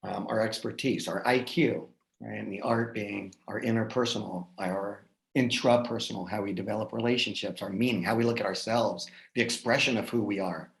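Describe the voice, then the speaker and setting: A man talking casually as a guest, telling personal stories in an animated way and often checking in with "right?". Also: fairly low pitch, normal speed, gravelly, few pauses, low-quality recording. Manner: animated, lots of restarts and "right?" tags. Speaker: guest speaker. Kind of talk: casual conversational storytelling.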